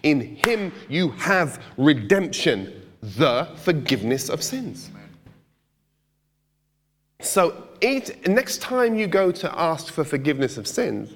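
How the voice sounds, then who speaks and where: A man's voice: on the high side, sing-song, slow. A man preaching a sermon in a conversational way, putting questions to the congregation and making joking asides. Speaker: pastor. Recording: long hall reverb.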